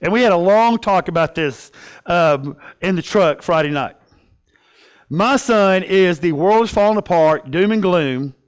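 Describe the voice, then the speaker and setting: A man's voice: high-pitched, lively intonation, a little slow, clean tone. A middle-aged male pastor preaching a sermon in a conversational, storytelling way, often checking in with "right?".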